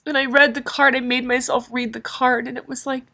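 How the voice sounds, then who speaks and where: A woman's voice: sits high, little pitch movement, a little fast, hardly any pauses, pushed and bright. A middle-aged woman hosting a podcast, telling a personal story in an emotional, rambling way with many fillers. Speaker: podcast host.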